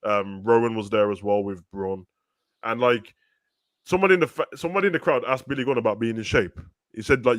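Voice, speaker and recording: A man's voice: medium pitch, dry recording. A man co-hosting a wrestling review show, telling slangy stories and laughing often. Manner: fast, slangy, laughing storyteller. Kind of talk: casual chat.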